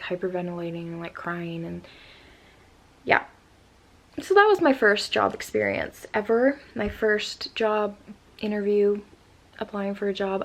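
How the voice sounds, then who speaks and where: A woman's voice: mid-range voice, vocal fry. A young woman in her twenties telling a storytime vlog in a rambling, casual way, upset after crying. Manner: rambling with many "like" fillers. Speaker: vlogger.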